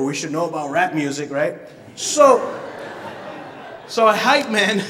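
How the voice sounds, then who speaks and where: A man preaching a sermon, telling a story in an animated way with playful asides. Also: fairly high pitch, distant mic. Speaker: pastor. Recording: reverberant hall from off-mic.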